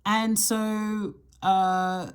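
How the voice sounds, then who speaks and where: A woman hosting her astrology channel, talking casually to camera and thinking aloud in a reflective way, with the odd soft laugh. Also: medium pitch, level tone, drawn-out words, clear, resonant tone. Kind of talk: casual solo talk to camera.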